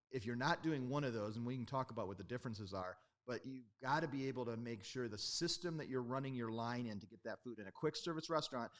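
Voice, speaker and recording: A man speaking as a guest expert in an interview, explaining things in an animated, rambling way with frequent self-corrections and asides. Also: medium pitch. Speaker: restaurant technology guest expert. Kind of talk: conversational explaining. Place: Atlanta.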